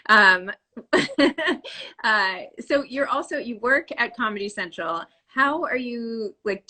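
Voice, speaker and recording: Bright-voiced woman in her forties chatting. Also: medium pitch. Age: 40s. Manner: chatty, effusive, laughs often. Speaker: podcast host. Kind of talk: casual interview chat. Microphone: home desk setup on a video call.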